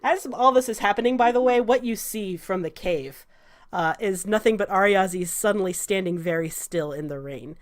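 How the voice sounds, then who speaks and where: A woman narrating a tabletop game as game master, halting with frequent fillers. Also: mid-range voice. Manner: hesitant, many fillers.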